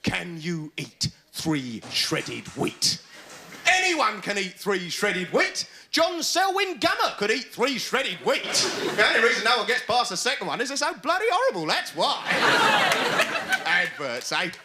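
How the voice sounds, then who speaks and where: A man's voice: very high-pitched, big pitch swings, normal speed, hardly any pauses, background noise. A man doing a stand-up routine, ranting sarcastically and mocking people in put-on voices, with laughter from a studio audience. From England. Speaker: stand-up comedian. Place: TV studio stage with live audience.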